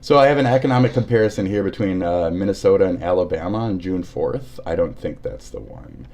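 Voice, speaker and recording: A man's voice: low voice, expressive, a little fast, a little mellow. A man streaming live, talking casually, swearing a lot and ranting angrily with sudden shifts. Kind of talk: casual livestream commentary.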